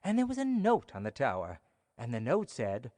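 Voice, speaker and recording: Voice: medium pitch, wildly swooping pitch, normal speed, warm tone. Playful bedtime storyteller, reverby hall. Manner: playful, addresses listeners directly. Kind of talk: reading a bedtime story to children.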